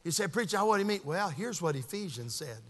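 Male pastor, high tenor, bright and ringing, shouts then hushes, echoing sanctuary. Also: animated, fast talker. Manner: swings from shouting to hushed, sing-song preaching cadence. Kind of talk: sermon. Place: church sanctuary. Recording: long hall reverb.

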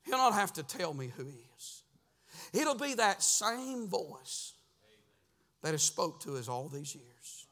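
Preacher, man, high and bright, sing-song delivery rising to shouts. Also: animated, normal speed. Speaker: pastor. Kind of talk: sermon. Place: church sanctuary.

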